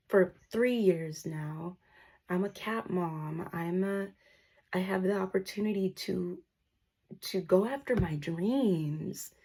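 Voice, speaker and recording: A young woman speaks to camera in a casual personal vlog. Her voice is low, gravelly and breathy. She sounds grateful and moved, and at times she holds back tears. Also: a little mellow. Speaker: vlogger.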